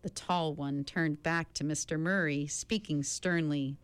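A woman narrating an audiobook in a calm, unhurried manner. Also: deep voice, no echo, faint music behind.

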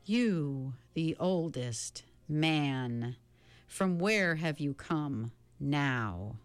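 A woman narrator gives voice to a gentle alien creature in a storybook, one that soothes a hurt child. It speaks very slowly and deliberately, stopping to search for words. The recording is dry and close, with faint music underneath. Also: sits low, expressive, no echo, full character voice. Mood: grave, soothing. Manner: slow, measured, searching for words. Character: gentle grave alien beast, slow and tender.

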